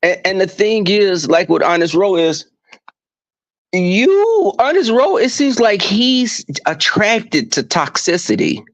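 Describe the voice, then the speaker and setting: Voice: mid-range voice, big pitch swings, takes it slowly, no room sound. A guest on a livestream, chatting expressively and acting out quoted people. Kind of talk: casual livestream chat.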